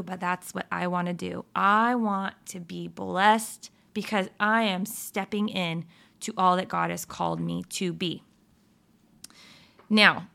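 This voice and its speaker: A woman with a bright, forceful voice giving casual devotional encouragement. She talks earnestly and keeps asking rhetorical questions, and she laughs off her own slips. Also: mid-range voice, gravelly. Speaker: Christian devotional speaker.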